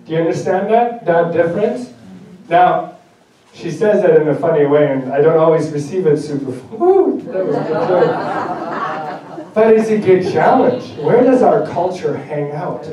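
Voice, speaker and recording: A man's voice: on the high side, lively intonation, measured pace, highs cut off, crowd noise. A man preaching a sermon as pastor. He speaks in a direct, conversational way and jokes about himself. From Germany. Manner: direct, conversational, self-joking. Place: church sanctuary. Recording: echoey church hall, mic far off.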